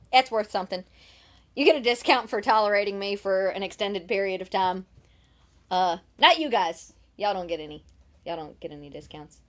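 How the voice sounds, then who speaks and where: A woman's voice: mid-range voice, fairly bright tone. A woman hosting a live sales stream, bubbly and teasing, laughing often. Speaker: host selling signed merchandise.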